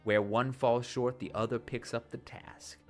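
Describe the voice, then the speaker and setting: A man with a mid-range, steady voice reads a bit slowly as soft music plays. He voices a text adventure game in a put-on accent, his theatrical narration regularly broken by casual words to viewers.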